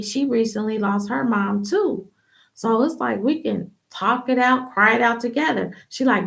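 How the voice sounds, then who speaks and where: Gravelly-voiced woman giving candid testimony. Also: a little high, moderate pace. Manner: animated, acts out quoted voices; emphatic and candid. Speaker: podcast host. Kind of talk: personal testimony, casual talk.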